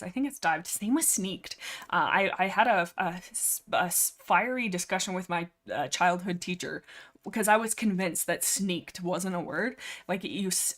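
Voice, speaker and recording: A woman's voice: fairly low pitch, fairly bright tone. A young woman hosting a casual livestream chat, rambling, restarting and apologizing, a little breathless from nerves. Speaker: livestream host.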